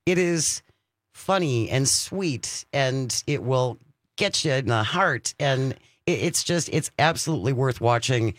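A man hosting a call-in radio show, chatting casually and slowing down to read out the phone number. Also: mid-range voice, animated, a bit bright, dry recording, studio quality. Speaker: radio talk show host.

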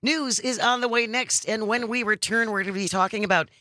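A man co-hosting a talk radio show, with a wry, animated delivery as he discusses the news and leads into the break. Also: sits high, brisk, no room sound. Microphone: studio microphone.

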